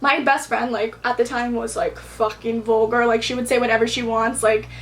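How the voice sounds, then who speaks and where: A young woman vlogger telling a storytime to camera in a casual, animated way, peppered with "like" and acted-out quotes. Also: on the high side, normal speed. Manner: animated, expressive, heavy use of "like", acts out quotes.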